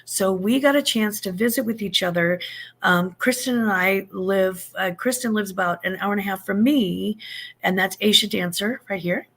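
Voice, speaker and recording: A woman in her fifties hosts a casual live-stream chat, her medium-pitched voice moving at a normal speed with a touch of vocal fry. She rambles happily, full of fillers and restarts, and greets viewers affectionately with endearments like sugar and honey.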